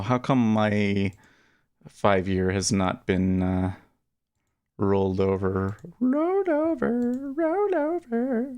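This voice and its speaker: On a dry, studio-quality recording, a man with a lowish, darker, smooth voice runs a day trading livestream. His commentary is casual and joking as he thinks aloud over his screens, and he laughs readily.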